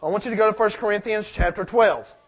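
A man's voice: high-pitched, quick pace. A man preaching a sermon, reading scripture aloud and asking the congregation questions in a conversational way.

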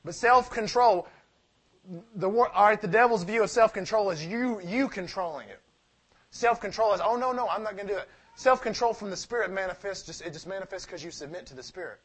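High-voiced preacher swinging loud to soft. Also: male voice, brisk, husky. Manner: swings from loud emphatic preaching to quiet asides; rhetorical questions, answers them himself. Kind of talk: sermon.

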